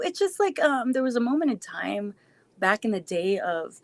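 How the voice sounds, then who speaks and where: A woman's voice: on the high side, sing-song, moderate pace, dry recording. A woman live streaming a casual Q&A, answering chat in a rambling, reflective way with frequent restarts.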